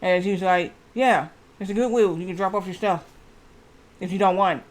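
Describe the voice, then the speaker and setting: A man's voice: high voice, moderate pace. A man streaming a game who tells a long, rambling story and keeps repeating "I said" and "she said".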